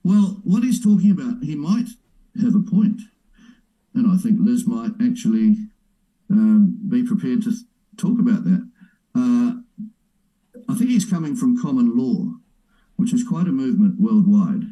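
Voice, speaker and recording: A man's voice: medium pitch, very animated, unhurried, pauses often, dark tone, low-quality recording. A man hosting a show, stopping a played clip to comment on it in a mocking way. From New Zealand. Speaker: host reacting to a clip.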